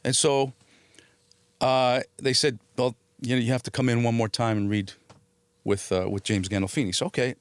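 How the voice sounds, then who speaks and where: A man's voice: medium pitch, moderate pace, clear, resonant tone, dry recording. A middle-aged man born in Italy and raised in New Jersey, telling a story in a casual interview, acting out the other voices and swearing freely. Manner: animated, acts out quoted voices, swears freely. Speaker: actor guest.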